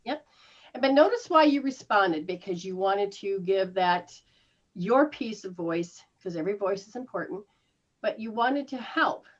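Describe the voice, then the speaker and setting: A woman's voice: medium pitch, expressive, a little slow, dull audio. A woman healer coaching someone one-on-one in a casual way, acting out reactions with gasps and laughs. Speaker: spiritual healer giving live sessions.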